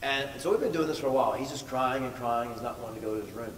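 A man preaching a storytelling sermon, pressing his points by repeating words. His mid-pitched voice carries through a big church hall. It sounds like it was picked up from a distance, with a long reverb tail and faint noise underneath. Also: racing. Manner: emphatic, repeats words for stress. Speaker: pastor.

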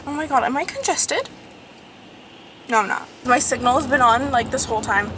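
A young woman vlogging while driving, excitable and chatty, a little sniffly and congested, peppering her talk with "like" and "oh my god". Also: high-pitched, normal speed, noisy background. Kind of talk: casual vlog chat. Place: in a car, driving.

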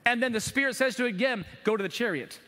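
A middle-aged man preaches from the pulpit in an animated way, often slipping into acted-out prayers to God. His voice sits high and bright. The sound carries a long church reverb. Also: quick pace. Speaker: pastor. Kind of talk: sermon. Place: church sanctuary.

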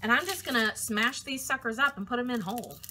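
A woman's voice: fairly high pitch, fairly quick, sharp tone. A woman chatting playfully while cooking in her home kitchen, talking to her food as she goes. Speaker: cooking vlogger. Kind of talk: casual chat while cooking.

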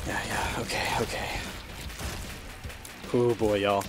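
A man giving live commentary over his own gameplay, chatty and prone to swearing, shifting from hushed focus to loud frustration. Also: fairly low pitch, level tone, slow pace, over music.

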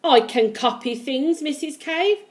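A woman's voice: sits high, lively intonation, measured pace, pitched above the performer's own voice. Woman voicing a stubborn publican man, boastful, puffing a cigar, storybook reading.

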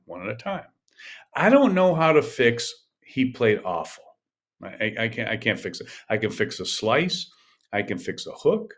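A man's voice: medium pitch, a bit bright. An older man hosting a podcast, coaching in an emphatic, repetitive monologue that often restarts mid-sentence. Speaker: podcast host, golf coach.

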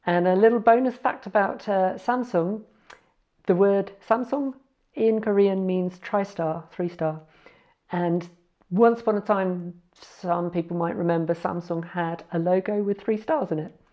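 A woman's voice: mid-range voice, fairly even intonation, warm tone. A woman casually teaching foreign words, spelling them out letter by letter and correcting herself as she goes. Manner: chatty, self-correcting, spells out letters slowly. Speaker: language learner sharing words.

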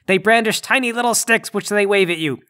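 A man narrating as game master of a comedic tabletop game in a quick, matter-of-fact way. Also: sits high, sharp tone.

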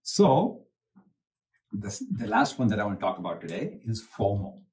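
Brief: lively-pitched male host, teacherly, a little off-mic. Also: normal speed. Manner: animated, teaching, frequent rhetorical questions. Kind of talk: casual talk with storytelling. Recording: distant mic.

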